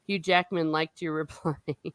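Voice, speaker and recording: A woman's voice: sits low, steady tone, normal speed, clean tone, no room sound. A woman hosting a casual book discussion, rambling with frequent fillers and laughing often. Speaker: host of a book discussion show. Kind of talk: casual chat.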